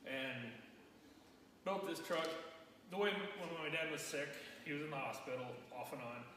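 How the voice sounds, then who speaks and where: A man speaks from a distance in a reverberant shop, his voice roomy with a long echo tail and a faint hiss underneath. He talks in a casual, halting, emotional way, as a guest in an interview. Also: fairly high pitch, pushed and bright. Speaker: interview guest, truck owner. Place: his own shop, indoors.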